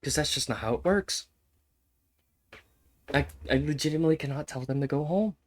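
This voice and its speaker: A man's voice: a little high, brisk. A man giving casual, swearing commentary while playing a strategy game, repeating himself and laughing often. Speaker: gaming streamer.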